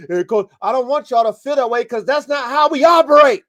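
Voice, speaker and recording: A man's voice: extremely high pitch, a little fast, few pauses, fairly bright tone. A man hosting a live podcast, coaching dog breeders in a blunt, profane, fired-up way. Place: home studio, live stream.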